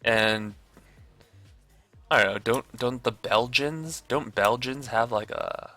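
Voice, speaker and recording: Young guy streamer rambling slow, gravelly and bright, lots of likes, faint music behind. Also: mid-range voice. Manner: rambling, amused, lots of "like" and restarts. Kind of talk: casual chat.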